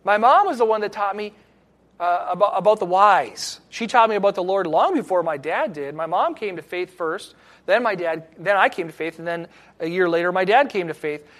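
A man's voice: high voice, animated, normal speed, fairly bright tone. A middle-aged male pastor giving an earnest, reflective sermon with personal stories.

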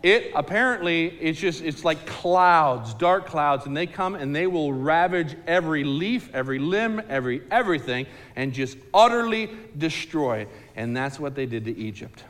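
A man telling a Bible story to a group in a casual, animated, slangy way, asking the listeners questions directly. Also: on the high side, moderate pace, few pauses, long reverb tail.

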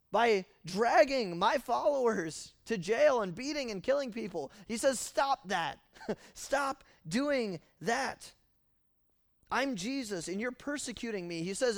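A man with a high voice preaches a sermon, animated and emphatic. He acts out the scripture lines he quotes. The sound is dry and close, with almost no room echo.

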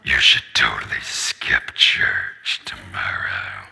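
A man voicing a sly male devil who whispers temptations in a coaxing, gravelly, conspiratorial way. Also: takes it slowly, bright, forceful tone. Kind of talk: comic impression within a sermon.

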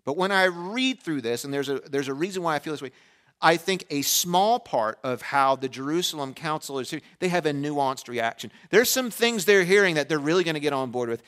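A middle-aged pastor preaching in a loose, chatty way, with a voice that sits a little high for a man. He slips in sarcastic asides and acts out the people in the story. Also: lively intonation, a little fast, fairly bright tone. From Pennsylvania, USA. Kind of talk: sermon.

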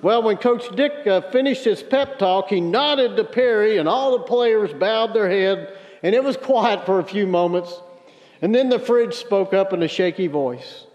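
High-voiced man preaching in a hall. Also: unhurried, darkish tone. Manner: storytelling, emphatic preaching. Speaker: pastor. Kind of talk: sermon. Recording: dull sound with long hall reverb.

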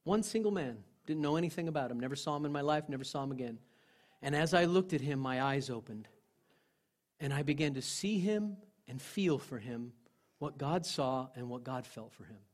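A male pastor preaching a sermon, telling personal stories in an earnest way, dropping to a hush and then rising again. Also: medium pitch, animated, normal speed. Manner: earnest storytelling, swinging from loud to hushed.

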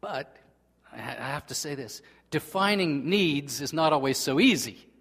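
A male pastor delivers a sermon with a somewhat high-pitched voice. He swings from loud, emphatic lines to hushed, quiet ones. His voice rings with the long reverb of a large church hall. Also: animated, normal speed, creaky, husky. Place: church sanctuary.

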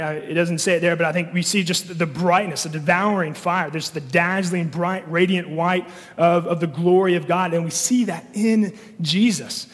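A man's voice: a little high, long reverb tail. A man preaching a sermon as pastor, conversational and full of fillers and restarts.

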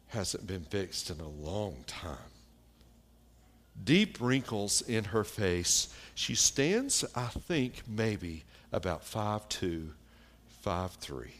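Slow-talking man telling a story. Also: on the low side. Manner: slow, plain-spoken anecdote telling with pauses and fillers. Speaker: preacher. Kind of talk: sermon storytelling.

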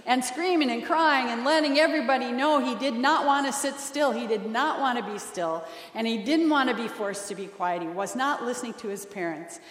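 Woman preaching in an echoing hall. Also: medium pitch. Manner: earnest, gently exhorting, reads scripture aloud. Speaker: pastor. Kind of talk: sermon. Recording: roomy hall with long reverb.

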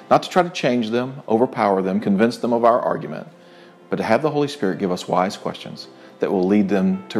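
A middle-aged man preaching in an earnest, conversational way, his voice sitting a little low. He springs up when acting out quoted lines. Soft instrumental music plays faintly behind him. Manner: earnest, conversational preaching with animated retold dialogue. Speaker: pastor. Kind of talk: sermon.

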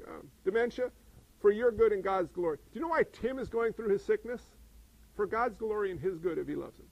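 High, gravelly-voiced man preaching. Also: dry recording, muffled recording. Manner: conversational preaching with rhetorical questions and repetition. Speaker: pastor. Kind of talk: sermon.

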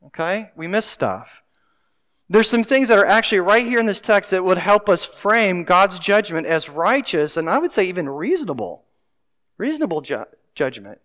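A pastor preaches a sermon in a church sanctuary, keeping it conversational and frequently asking the congregation questions. His voice is high, a bit bright, and clean in tone, with the long reverb of a large hall.

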